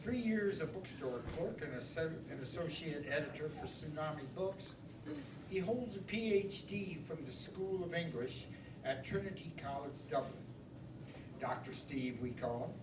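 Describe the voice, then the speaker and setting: Male event introducer, slow, halting; far mic, echoey room, noisy background. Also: a little high. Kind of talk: reading a speaker introduction. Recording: echoey room, distant mic, crowd hum.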